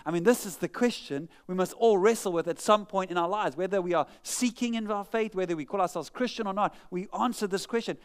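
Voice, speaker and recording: Earnest, higher-voiced male pastor preaching. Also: clean tone. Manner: reads scripture slowly with dramatic pauses; earnest and conversational between readings. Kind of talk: sermon. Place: church.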